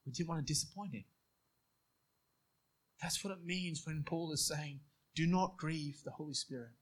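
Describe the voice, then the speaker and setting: Aussie guy preaching, chatty storytelling, gets loud and emphatic, voice a bit high. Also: normal speed, slightly rough. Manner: conversational storytelling, shifting from quiet to emphatic. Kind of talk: sermon.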